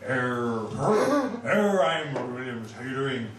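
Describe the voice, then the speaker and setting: A man's voice: mid-range voice, very animated, slow pace, fairly bright tone, recorded from a distance. A man putting on a manic, rambling male comic who stammers "er, er" between blurted lines. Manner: stuttering "er, er" fillers, blurting. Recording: echoey bar heard from afar, noisy.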